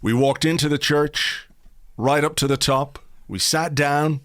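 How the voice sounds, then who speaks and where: A man's voice: fairly high pitch, steady tone, unhurried, a bit bright, no room sound. Man, middle-aged, podcast host, dry close mic, chatty storyteller. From Ireland. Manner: chatty storyteller, playful asides. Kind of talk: casual chat.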